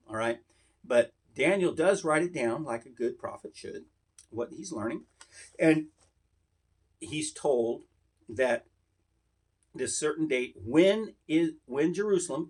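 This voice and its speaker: A man's voice: mid-range voice, slightly rough. A man hosting a casual Bible lesson, explaining in a rambling, conversational way full of asides. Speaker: Bible teacher, host.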